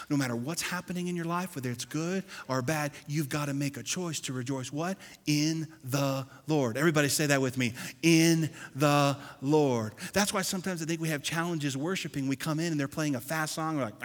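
A man preaching a sermon as pastor, animated, swinging between loud and soft and acting out churchgoers. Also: on the high side, slightly rough. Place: church sanctuary. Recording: long hall reverb.

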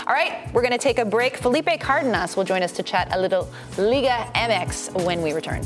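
A woman hosting a soccer podcast, briskly reading out upcoming fixtures and leading into a break. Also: medium pitch, animated, faint music behind. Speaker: podcast host.

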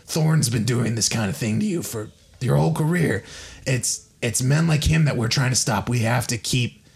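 A man voicing an older male campaign backer who talks in a persuasive, measured way with hesitant fillers. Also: medium pitch, creaky, darkish tone, husky. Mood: steady.

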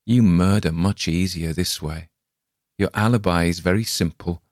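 A man's voice: sits low, moderate pace, a little mellow, no echo, studio quality, natural voice. A man voicing a badly injured man, frightened and accusing, pleading and panicked, as he reads a story aloud.

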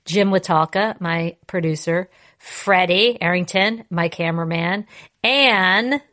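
A woman's voice: lowish voice, slow. A woman co-hosting a podcast, chatting casually and telling stories with lots of laughter. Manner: playful, laughing, animated storytelling. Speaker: podcast co-host. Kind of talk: casual chat.

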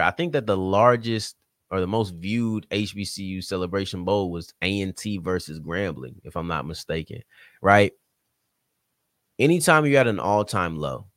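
A man's voice: on the low side, no room sound, clean studio sound. A man hosting a solo sports podcast, talking casually and straight to his listeners, with a slight country twang at times. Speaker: podcast host.

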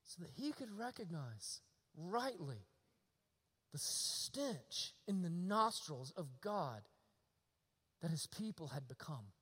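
A man preaching a sermon, swinging from hushed near-whispers to emphatic shouts and asking the congregation rhetorical questions. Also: fairly high pitch, sing-song, slow pace, long pauses, husky, long reverb tail. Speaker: pastor. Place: church sanctuary.

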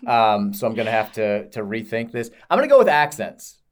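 A man's voice: on the low side, very animated, fairly quick. A man in his thirties from Kentucky, co-hosting a casual chat and telling rambling, self-amused stories. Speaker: podcast co-host.

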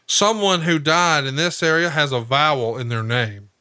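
A man's voice: on the high side, normal speed, pushed and bright, no echo. A man putting on a fake female stage psychic who coaxes a crowd with vague hints. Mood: coaxing. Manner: coaxing, vague.

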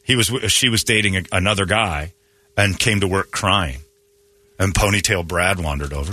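A man's voice: low-pitched, moderate pace, a little hiss or hum. A man hosting a morning radio show, telling stories in a sarcastic, ranting way during casual banter. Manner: animated, sarcastic ranting storyteller.

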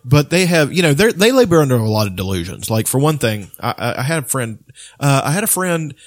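Man, casual chat, swinging pitch, dry close sound, rambling, swearing. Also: big pitch swings, fairly quick, dry recording. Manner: rambling storyteller, swears often, many restarts.

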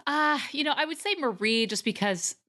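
A woman's voice: sits high, animated, moderate pace, sharp tone, dry recording, studio quality. A woman from the United States co-hosting a podcast, chatting casually about a movie and laughing often. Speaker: podcast co-host.

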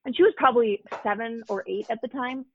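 A woman's voice: on the high side, quick pace, fairly bright tone, dull audio, a little hiss or hum. A woman who is the mother of a young fan, telling a long story as an interview guest, with many fillers and restarts.

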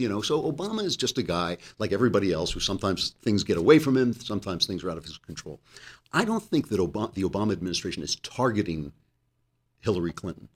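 A man's voice: lowish voice, slightly rough. A man hosting a political commentary monologue, sarcastic, reading news quotes aloud with asides. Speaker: host.

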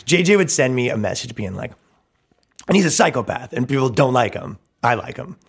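A man rants on his comedy podcast in a brash, crude way. He mocks freely and swears often. His pitch sits in an ordinary middle range for a man. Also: expressive, fairly quick, slightly rough. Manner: profane, mocking, brash. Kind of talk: crude ranting podcast talk.

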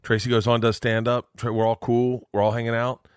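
Male comic, rapid-fire animated storyteller, dry close mic, swears freely. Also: medium pitch, clear, resonant tone, no echo. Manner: animated, swearing, acts out voices. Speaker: comedian. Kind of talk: storytelling on a podcast.

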